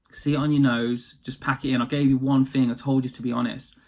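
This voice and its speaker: A man's voice: mid-range voice, flat delivery, quick pace, natural voice. Casual retold-tale fairy, stern, blunt, played by a man in his own voice. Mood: scolding. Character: magical female fairy, stern but fair.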